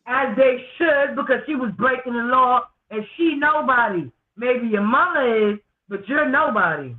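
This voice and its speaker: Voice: mid-range voice, animated, a little slow. A co-host chiming in with short reactive comments in a casual chat. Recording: tinny phone-like line.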